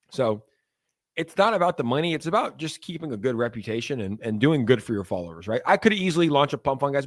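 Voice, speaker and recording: A man's voice: on the high side, fairly bright tone. A young man hosting a casual crypto livestream, talking in a hyped, joking and profane way. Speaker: crypto streamer.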